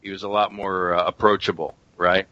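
Low-voiced male host on lo-fi audio. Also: level tone, brisk, bright, forceful tone, no room sound. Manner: reminiscing, loose and chatty. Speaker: podcast host. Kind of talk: casual podcast chat. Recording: dull lo-fi audio.

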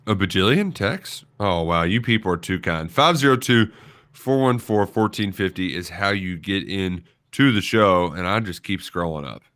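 Young male radio co-host, low-pitched and sharply bright, loose rambling banter. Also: expressive, normal speed. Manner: rambling, lots of "like" and "you know". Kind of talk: casual sports radio chat. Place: radio studio. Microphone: studio microphone.

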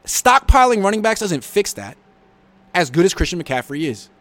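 Man, fairly high-pitched, sports show host, live reaction, blunt, sarcastic. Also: big pitch swings, normal speed, fairly bright tone. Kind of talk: live reaction show, reading viewer comments.

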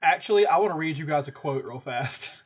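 Male podcast host, casual comedic chat, animated delivery. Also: a little high, fairly quick, breathy edge. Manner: animated, reads quotes aloud with exaggerated delivery.

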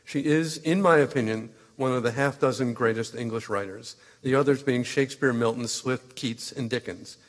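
An actor reading letters as a stern, opinionated literary critic who lectures and corrects. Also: male voice, medium pitch, normal speed, hardly any pauses, natural voice. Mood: lecturing. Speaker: letter reader. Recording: long hall reverb.

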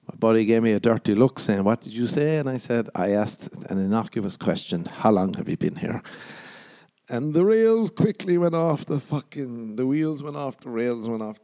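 A man's voice: on the low side, gravelly, dark tone. A man with an Irish accent hosting a podcast and rambling in casual chat, self-deprecating and swearing a lot. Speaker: podcast host, stand-up comedian.

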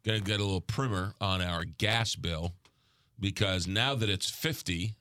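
A man's voice: low voice, bright, forceful tone, no echo, clean studio sound. A man with a New York accent hosting a morning radio show, chatting casually with frequent ums and uhs. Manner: halting, lots of ums and uhs. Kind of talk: casual on-air chat.

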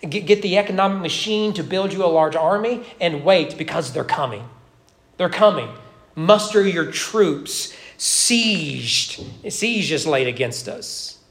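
A man's voice: on the high side, expressive, unhurried, a bit bright. A man preaching an expository sermon at an evening church service, talking conversationally, with wry asides and frequent restarts. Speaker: pastor. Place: church sanctuary during evening worship.

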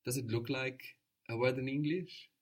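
Man, language teacher, patient, encouraging, repeats words, average pitch. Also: steady tone. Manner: patient, encouraging, explains slowly with repetition. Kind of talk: spoken language lesson.

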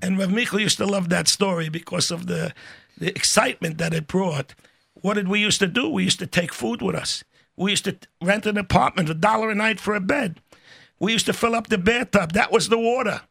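An older man telling stories in a casual, animated way, acting out the voices of people in them. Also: high-pitched, brisk, creaky, breathy edge. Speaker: storyteller guest. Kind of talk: casual spoken storytelling.

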